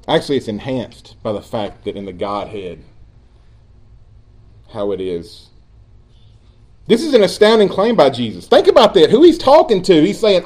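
A man preaching a sermon as pastor, earnest and emphatic, dropping at times into quiet asides. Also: mid-range voice.

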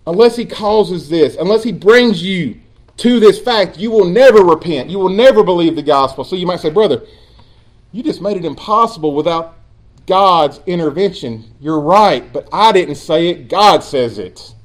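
A man preaching a sermon as pastor, earnest and emphatic, dropping at times into quiet asides. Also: high voice, expressive, normal speed.

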